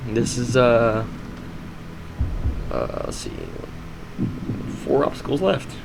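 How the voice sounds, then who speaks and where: A man calling an obstacle course run as play-by-play commentary, excitable, with hesitant fillers between calls. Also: mid-range voice, slow pace, gravelly, noisy background. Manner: excitable, builds to loud shouts at big moments. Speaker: sports commentator. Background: background music.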